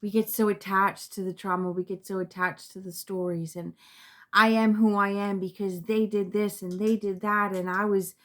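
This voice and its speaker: A woman giving a spiritual tarot reading to her viewers, reflective and earnest, often repeating words and trailing off softly. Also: medium pitch, flat delivery, moderate pace. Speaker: tarot reader.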